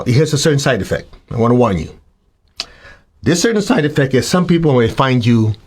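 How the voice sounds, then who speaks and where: A man giving a spiritual talk to his students, animated and acting out the voices of students and of himself. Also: medium pitch. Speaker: spiritual teacher.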